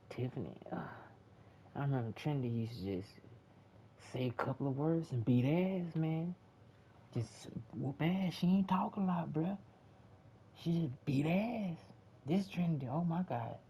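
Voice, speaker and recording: A man's voice: on the high side, unhurried, dark tone. A man giving a profane, repetitive, exasperated casual movie review rant in a lo-fi home recording. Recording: dull lo-fi with faint hiss.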